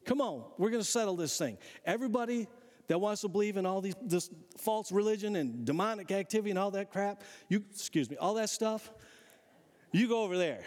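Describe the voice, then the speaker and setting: Man doing a defiant, taunting prophet, high raised voice, commanding, echoing church hall. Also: animated, takes it slowly, few pauses, a bit bright, full character voice. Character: bold, defiant male prophet taunting rivals.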